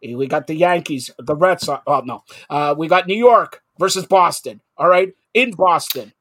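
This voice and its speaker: A sarcastic male sports talk host with a fairly high voice who turns loud and sing-song when he gets going. He talks hockey in a casual, animated way. The sound is dry and close, with no room around him. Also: normal speed, no room sound.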